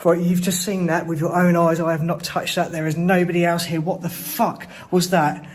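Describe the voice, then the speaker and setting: A man's voice: a little high, flat delivery, normal speed. Jumpy swearing guy exploring. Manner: jumpy, swears when frightened, breaks into panicked shouts. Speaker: ghost-hunting vlogger. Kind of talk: first-person exploration vlog. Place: stripped empty building, indoors.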